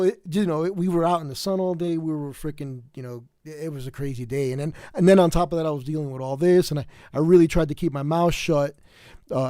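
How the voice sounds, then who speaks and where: Tired New York man, livestream host; raised voice, dark mellow tone, dead-dry sound, rambling delivery. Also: on the high side, no echo. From South Bronx, New York. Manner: rambling, many fillers and restarts. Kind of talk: casual livestream chat.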